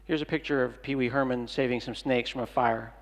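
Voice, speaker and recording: A middle-aged man speaks a little fast in a medium pitch with fairly even intonation, giving a jokey, playful keynote in a large conference hall. He acts out little dialogues, and long hall reverb colors the audio.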